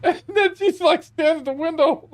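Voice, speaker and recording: A man's voice: extremely high pitch, moderate pace. A gaming streamer, a man, tells a rambling, profane anecdote and laughs all through it, with lots of exclamations. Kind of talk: casual storytelling while gaming.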